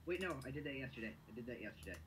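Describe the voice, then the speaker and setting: A young man hosting a web show, chatting casually and stammering through quick restarts while he plays a game on a home mic. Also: mid-range voice, animated, fairly bright tone, rough recording. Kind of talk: casual gameplay commentary. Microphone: home mic that drops in level.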